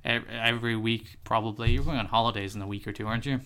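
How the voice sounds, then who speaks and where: A man's voice: fairly low pitch, fairly even intonation, quick pace, bright, forceful tone, clean tone. A man co-hosting a casual podcast chat, teasing his co-host and cutting in often.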